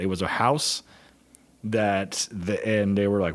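A man's voice: lowish voice, moderate pace. A middle-aged man, a police dog handler trainer, telling blunt and profane stories in casual chat. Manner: blunt, profane, animated storytelling.

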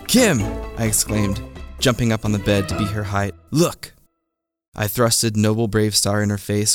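A man telling a true childhood story in a deadpan, wry manner. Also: lowish voice, no echo. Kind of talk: first-person comic storytelling. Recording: close dry mic with faint music.

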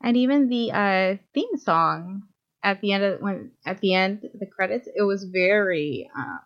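A woman's voice: mid-range voice, animated, unhurried. A woman co-hosting a podcast in an easygoing, rambling way, full of "um"s and "you know"s as she restarts her sentences. The audio is a little dull and lo-fi. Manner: chatty, many fillers and restarts. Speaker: podcast co-host. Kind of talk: casual fan chat.

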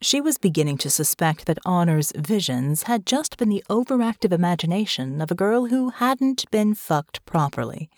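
A woman narrating a story with a slow, measured reading. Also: fairly low pitch, sing-song, no room sound, clean studio sound. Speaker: audiobook narrator. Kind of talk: scripted narration.

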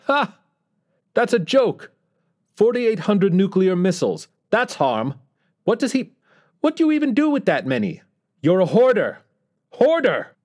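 A man voicing a shrill, whining male dictator with a thick accent, sounding a little distant. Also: sing-song, a little slow, long pauses, darkish tone, full character voice. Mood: mocking. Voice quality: high-pitched whine.

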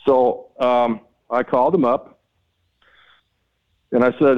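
A man guest on a fishing podcast, telling a story in an animated, exasperated way and acting out both sides of a conversation. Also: slow, long pauses, phone-quality sound. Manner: animated, exasperated, reenacts dialogue with rising pitch. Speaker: podcast guest, mapping company founder. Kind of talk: storytelling interview talk.

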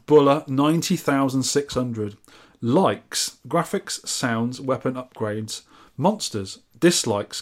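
A man co-hosts a casual podcast. His pitch sits in an ordinary middle range. He reads out listener scores with a playful, teasing manner. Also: darkish tone. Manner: jokey, banter-filled. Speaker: podcast co-host.

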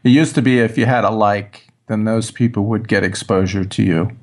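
A man's voice: lowish voice, a little fast. A man co-hosting an interview, mostly chiming in with brief agreement and questions. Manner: brief affirming backchannels. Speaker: co-host. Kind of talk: casual interview chat.

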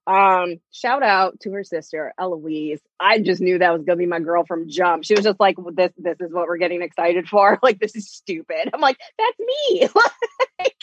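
A woman in casual chat about a TV series, animated and laughing often, acting out quotes in different voices. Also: on the low side, dry recording, highs cut off.

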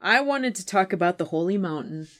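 A woman co-hosting a casual film chat, playful and quick to laugh. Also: medium pitch, expressive, very noisy. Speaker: podcast co-host.

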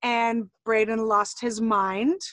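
An earnest mother recounts a family incident in a slightly high voice. She talks casually, with quick acknowledgments along the way. The sound is dry and close. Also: level tone, a bit bright, no room sound. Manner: earnest, storytelling, frequent brief agreement. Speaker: mother seeking advice. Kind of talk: casual conversation.

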